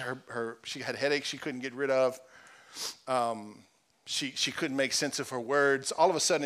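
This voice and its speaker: Male pastor, middle-aged, sermon; soft storytelling that swells into fervent preaching. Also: mid-range voice. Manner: personal storytelling that builds to emphatic preaching.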